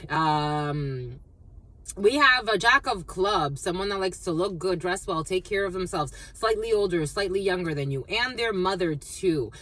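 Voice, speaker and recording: Husky low-voiced woman reading tarot. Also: lively intonation, a little slow, fairly bright tone. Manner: rambling, swears freely; free-associating, repeats phrases. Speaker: tarot card reader. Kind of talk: collective tarot reading to camera.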